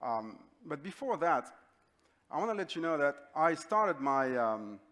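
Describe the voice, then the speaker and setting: A middle-aged man from North Africa giving a talk, telling a personal story in an animated, conversational way with frequent fillers. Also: on the high side, a little slow. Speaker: keynote speaker.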